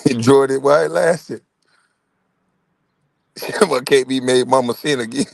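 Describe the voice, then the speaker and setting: A middle-aged man with a medium-pitched, creaky voice speaks at a measured pace, with no room sound in the recording. He reacts to chat by telling funny, profane stories, laughing often as an animated storyteller in a casual, profane style.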